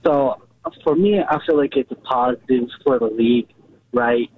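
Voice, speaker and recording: A man's voice: medium pitch, normal speed, slight background noise. A man calling into a radio show, earnest and repetitive, often restarting his sentences. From California. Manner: earnest, repeats himself, restarts. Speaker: caller. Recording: tinny phone line.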